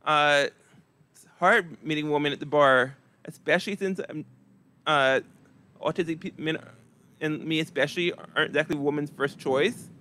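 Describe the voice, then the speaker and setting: A man performing a stand-up comedy set with a flat, deadpan, monotone delivery. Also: on the high side, normal speed.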